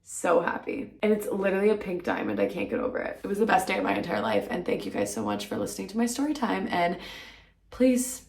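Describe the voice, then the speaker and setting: A woman's voice: medium pitch, sing-song, quick pace, gravelly, darkish tone, roomy sound. A young adult woman vlogger telling a personal story to camera in a gushing, emotional way, full of "like" and "literally". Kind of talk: casual story time to camera.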